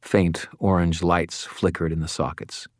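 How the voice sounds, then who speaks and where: A man narrating a first-person fantasy audiobook in a steady, wry storytelling manner. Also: sits low, unhurried, no room sound, studio quality.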